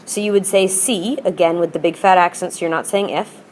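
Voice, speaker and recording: A woman's voice: lowish voice, fairly even intonation, fairly quick, darkish tone, a little hiss or hum. A woman teaching a language class, drilling with patient repetition and switching between English and Spanish. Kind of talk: classroom lesson.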